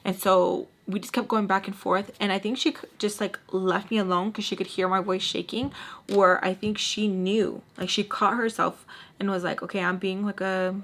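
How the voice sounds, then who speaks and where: A young woman vlogging a casual storytime while doing her makeup, full of likes and quick restarts. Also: medium pitch, steady tone. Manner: chatty, many likes and restarts; voices others in quoted bursts.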